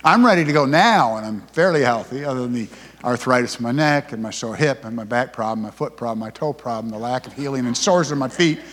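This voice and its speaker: Older pastor preaching in a reverberant hall. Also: male voice, mid-range voice, expressive, fast. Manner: folksy, swings from loud to hushed. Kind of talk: sermon.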